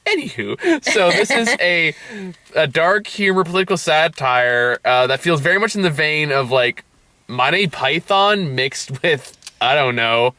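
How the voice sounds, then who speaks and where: A man's voice: on the high side, expressive, unhurried, bright, forceful tone, dry recording. A man hosting a casual movie review chat, rambling and laughing often as he trails off mid-sentence. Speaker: movie review show host.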